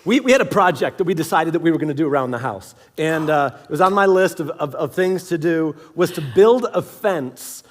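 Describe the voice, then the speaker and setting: A man's voice: fairly high pitch, fairly quick, hardly any pauses. A man preaching in church, telling a humorous personal story and acting out both sides of a conversation in a self-mocking way. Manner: animated, self-mocking storyteller who acts out dialogue. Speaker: pastor. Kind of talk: storytelling sermon. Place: church sanctuary.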